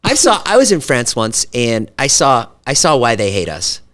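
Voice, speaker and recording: An excitable man hosting a casual podcast in a bar, telling stories with a lot of energy. His voice swings widely up and down as he talks, at a middling pitch, and he swears freely. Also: moderate pace. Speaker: podcast host. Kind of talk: casual chat.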